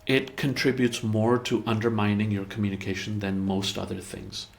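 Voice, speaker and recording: A man's voice: on the low side, flat delivery, normal speed, gravelly, slight background noise. A man explaining relationship communication in a conversational way, often stumbling over repeated words and acting out example dialogue. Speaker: therapy practice head explaining relationships.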